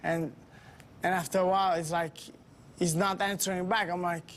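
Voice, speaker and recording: A man's voice: high-pitched, level tone, moderate pace, a bit bright, slight background noise. A man animatedly telling a story, acting out the lines of others. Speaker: retiring boxer. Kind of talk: casual recollection. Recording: voice under music.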